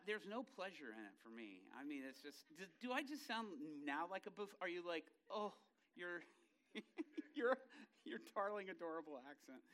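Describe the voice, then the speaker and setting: A man's voice: sits high, pushed and bright, poor audio. A middle-aged man giving a casual, self-deprecating sermon to a congregation as a travelling preacher. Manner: chatty, self-deprecating, jokes with the crowd. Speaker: itinerant preacher.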